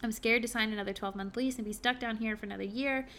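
A woman's voice: a little high, steady tone, pushed and bright. Young woman reading her old journal. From Virginia. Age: 20s. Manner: candid, halting, many fillers. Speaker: podcast host. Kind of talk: reading journal entries aloud.

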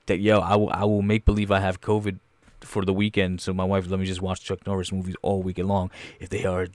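A man giving a loud, laughing, profane comedic reaction to a movie trailer, full of slang. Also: deep voice, monotone, a little fast, no echo.

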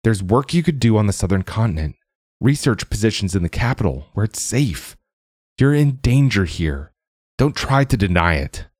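A man voicing a frightened adult daughter who pleads with her mother, raising his voice higher for her. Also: very animated, normal speed, a little mellow, no room sound, clean studio sound. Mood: fearful. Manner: pleading, fearful.

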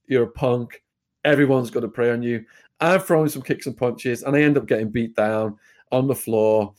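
An English man as an interview guest, speaking at an average pitch. He retells his story briskly and vividly in a conversational tone. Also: darkish tone. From England.

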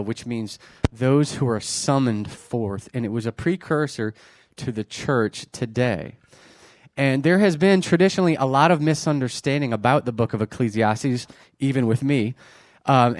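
A man in his forties talking to his congregation more like a friend than a preacher. He jokes at his own expense and keeps things chatty. His voice sits at an ordinary middle pitch, captured dry and close with no room sound. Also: dry recording. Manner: joking, self-deprecating, chatty. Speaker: pastor. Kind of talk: conversational sermon. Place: church before a congregation.

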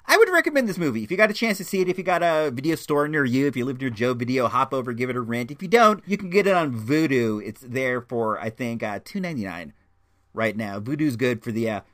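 A man's voice: medium pitch, lively intonation, quick pace, fairly bright tone. A man reviewing a movie in a casual, chatty way, rambling with many restarts. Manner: enthusiastic, chatty.

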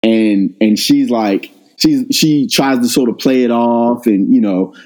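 A middle-aged man, a guest on an interview, telling a personal story in a casual, animated way and jumping up in pitch when he quotes himself. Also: unhurried, low-quality recording. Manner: animated retelling, rises sharply when quoting himself. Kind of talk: conversational storytelling.

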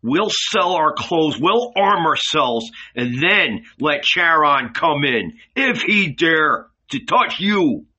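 Man doing a defiant fired-up disciple, raised and slow. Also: fairly high pitch, expressive, muffled recording, voice pushed up, exaggerated voice. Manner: shouting, defiant. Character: fierce, defiant male disciple.

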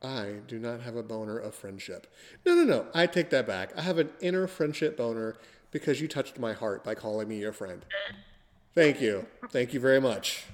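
A man's voice: medium pitch, lively intonation, normal speed, in a large hall. Teasing man hosting a podcast. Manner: playful, teasing, theatrical. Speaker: podcast host. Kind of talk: casual podcast chat.

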